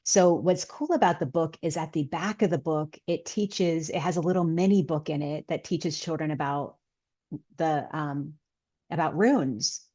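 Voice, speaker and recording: A woman's voice: deep voice, a little slow, warm tone. A middle-aged woman, a guest author, telling stories earnestly in a casual interview.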